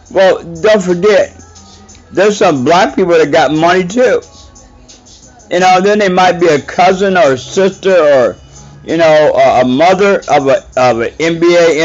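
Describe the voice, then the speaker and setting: Indignant, profane man ranting. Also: fairly high pitch. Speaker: podcast host. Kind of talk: ranting monologue. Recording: dull lo-fi audio with faint music.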